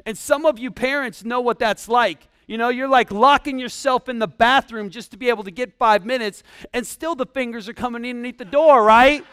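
High-voiced man preaching casually. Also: a little fast, hardly any pauses, pushed and bright, smooth, no room sound. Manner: casual, humorous preaching with slang asides. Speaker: pastor. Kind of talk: sermon.

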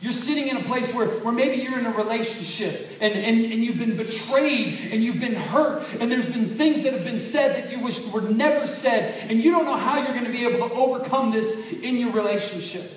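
A man preaching a sermon in a church, animated and conversational, often asking the congregation to agree. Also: very high-pitched, normal speed, few pauses. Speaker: pastor. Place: church sanctuary. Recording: echoey room from far off.

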